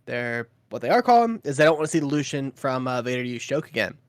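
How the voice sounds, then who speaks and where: Laid-back caster with a dry close sound. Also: male voice, medium pitch, big pitch swings, fast talker, no room sound. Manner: easygoing, laughs often, many fillers. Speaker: esports caster. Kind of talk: play-by-play commentary.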